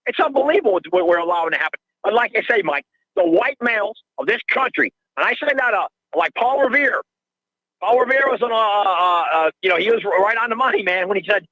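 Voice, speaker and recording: A man's voice: high-pitched, lively intonation, brisk, bright, forceful tone, dry recording. An older man calling in to a radio show, ranting in an agitated way and repeating himself, heard through dull lo-fi call audio. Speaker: caller.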